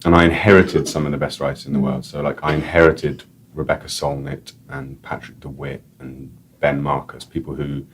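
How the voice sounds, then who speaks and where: Low voiced guy, writer, casual rambly chat, lots of like and i i. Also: little pitch movement, normal speed, few pauses, breathy edge. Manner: rambling, repeats words, many "like"s. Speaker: author and editor, interview guest. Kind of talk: casual chat and reading aloud.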